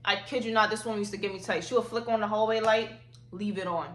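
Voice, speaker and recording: A young woman of 18 tells a personal story to her phone camera, slangy and emphatic, hammering her points home by repeating them. Her voice is bright and keen-edged, with a roomy echo around it. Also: medium pitch, fairly even intonation, fast, slight background noise. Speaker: vlogger. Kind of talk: casual storytime vlog.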